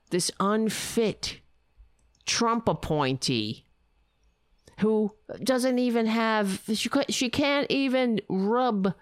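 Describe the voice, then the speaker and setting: A woman's voice: mid-range voice, smooth, no room sound, clean studio sound. A middle-aged woman hosting a casual livestream, ranting bluntly and chatting with her viewers and her cats. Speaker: livestream host. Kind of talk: casual political livestream chat.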